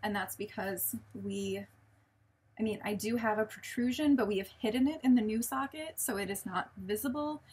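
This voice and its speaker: A woman's voice: medium pitch, normal speed, a little mellow, breathy edge. A woman, chatting casually in a show-and-tell vlog, rambling with many ums and self-corrections. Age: late 20s. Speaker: vlogger.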